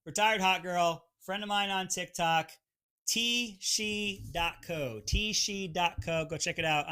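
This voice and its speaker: A man's voice: fairly high pitch, pushed and bright. A man hosting a live stream, talking in a fired-up, emphatic way and reading viewer comments aloud.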